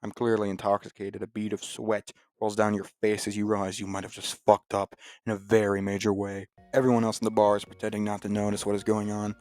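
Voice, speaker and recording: A man hosting a comedy video, reading online posts aloud in a deadpan, mock-dramatic way. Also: fairly low pitch, brisk, hardly any pauses, no room sound. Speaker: host.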